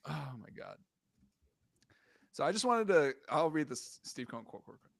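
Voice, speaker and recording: A man's voice: fairly high pitch, sing-song, brisk, no room sound. A man co-hosting a casual sports podcast, ranting, swearing and exasperated as he talks through the news. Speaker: podcast co-host.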